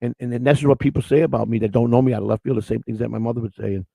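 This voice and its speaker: A man's voice: medium pitch, fairly even intonation, racing, gravelly, warm tone, no room sound. A man hosting a live-streamed show, talking in a rambling, emotional way, repeating words and getting choked up. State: emotional, near tears. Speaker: show host.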